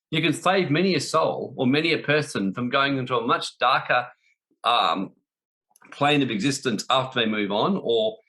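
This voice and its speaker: A man teaching on spiritual matters speaks with a bright, forceful, mid-pitched voice. He is blunt and emphatic, driving each point home by repeating phrases.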